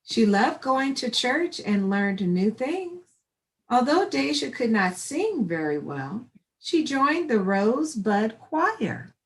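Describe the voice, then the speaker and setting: A woman reading a children's picture book aloud in a slow, encouraging way. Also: fairly high pitch, very animated. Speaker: storybook reader. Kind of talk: children's story read-aloud.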